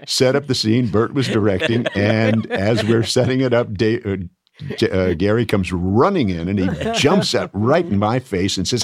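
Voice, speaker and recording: A man telling a backstage anecdote as a podcast guest, animated and often laughing as he talks. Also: on the low side, moderate pace, no room sound, clean studio sound. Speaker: guest, former cast member. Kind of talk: anecdote storytelling.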